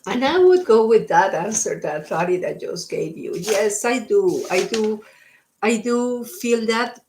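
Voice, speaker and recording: A woman of medium pitch speaks a little slowly, her tone a little mellow and her intonation lively, with slight background noise behind her. She's giving psychic card readings on a live stream, coaching the listener, checking in with frequent "okay?", and alternating between English and Spanish.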